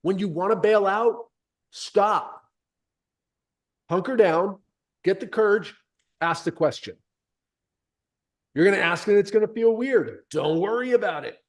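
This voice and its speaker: Emphatic high-voiced male sales coach. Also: a little slow, long pauses. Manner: energetic, emphatic, direct address. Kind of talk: coaching session.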